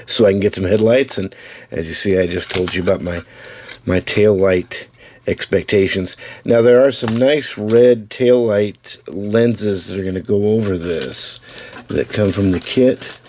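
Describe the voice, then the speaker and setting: A man casually talking to camera as he shows the parts of a model car he is building, easygoing and unhurried, with the odd restart. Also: fairly low pitch, darkish tone, slight background noise. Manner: easygoing, talks to camera while showing parts, with small restarts. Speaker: hobbyist building custom slot cars. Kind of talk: casual build-update video.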